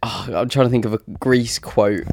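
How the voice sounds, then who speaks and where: A man's voice: medium pitch, steady tone, normal speed, gravelly, darkish tone. A young British man in casual, playful chat who laughs often.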